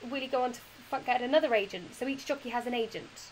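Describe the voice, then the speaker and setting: A woman's voice: a little high, quick pace, slight background noise, low-quality recording. A woman hosting an interview over a video call, asking curious, encouraging questions. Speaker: interview host. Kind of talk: casual interview.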